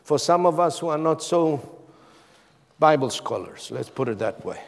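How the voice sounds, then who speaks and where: A male pastor delivers a sermon at an unhurried pace. His voice sits a little high, and he leans into dramatic pauses before pushing up to emphatic calls. The sound rings with the long reverb of a church hall. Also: animated, a little mellow.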